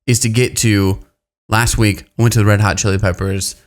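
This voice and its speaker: A man hosting a casual podcast, telling stories in an animated way and restarting his sentences as he goes. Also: fairly low pitch, fairly quick. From Pacific Northwest, US. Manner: animated storyteller, trailing restarts. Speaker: podcast host. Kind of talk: casual chat, storytelling.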